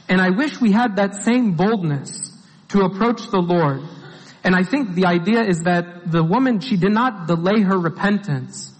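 A man with a high voice delivers a relaxed, conversational sermon. He retells the story simply and repeats his main points for emphasis. His words ring out with a long church reverb. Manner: plain storytelling, repeats key phrases for emphasis. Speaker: preacher.

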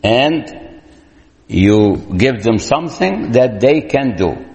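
A man lectures on parenting at a very unhurried pace, often repeating his main points for emphasis. His voice sits at a moderate pitch. It carries a long reverb, as if he were speaking in a hall. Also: expressive, a little mellow, muffled recording. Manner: slow, deliberate, repeats key points for emphasis. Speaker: speaker giving parenting advice. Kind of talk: lecture-style talk.

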